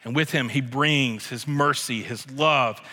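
A man's voice: medium pitch, bright, forceful tone. Emphatic male preacher in a reverberant hall. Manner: emphatic, slows and repeats key phrases. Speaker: pastor. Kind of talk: sermon.

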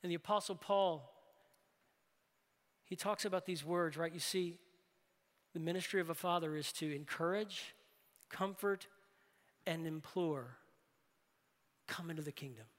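A man preaching a sermon as a pastor, telling a story and rising into loud, impassioned calls to his listeners. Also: a little high, a little slow, pauses often. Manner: builds to loud impassioned exhortation. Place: church sanctuary. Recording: long reverb of a large hall.

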